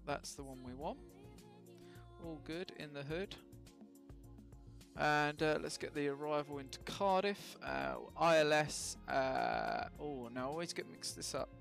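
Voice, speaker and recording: Gravelly, chatty man streaming. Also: a little high, a bit bright. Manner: chatty, self-mocking jokes, many ums and uhs. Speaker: flight sim streamer. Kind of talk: casual live-stream commentary.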